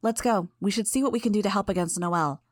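A woman voicing a sharp, knowing young woman who speaks brisk and matter-of-fact. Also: mid-range voice, no echo, clean studio sound, voice pushed up, natural voice.

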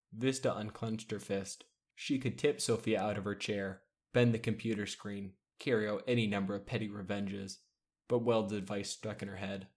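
A man narrating a fan audiobook in a steady, even storytelling manner. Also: on the low side.

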